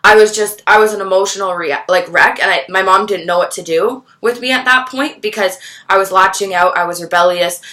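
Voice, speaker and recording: A young woman talks straight to her camera in a bright, clear voice. She tells her story candidly, with halting restarts and plenty of swearing. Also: mid-range voice. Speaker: vlogger.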